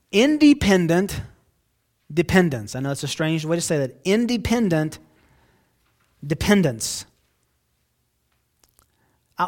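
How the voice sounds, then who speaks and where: Higher-voiced man preaching with dynamic swings. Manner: dynamic, swings from hushed to loud outbursts; earnest, conversational preaching with asides to listeners. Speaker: pastor. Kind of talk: sermon.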